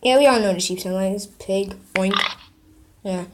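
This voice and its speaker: A woman's voice: mid-range voice, moderate pace, background noise. A woman vlogger in casual chat, playing sound effects from an app and reacting with giggly, playful commentary.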